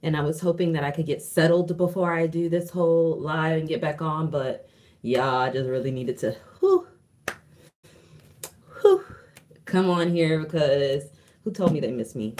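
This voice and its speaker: A woman's voice: sits low, animated, moderate pace, darkish tone, slight background noise. A young woman chatting casually and candidly to her viewers during a livestream from home, slangy and swearing freely. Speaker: vlogger.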